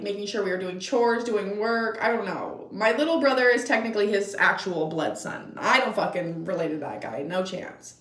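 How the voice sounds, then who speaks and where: A young woman vlogger telling a casual story, blunt and animated, swearing freely. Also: mid-range voice, echoey room, distant mic.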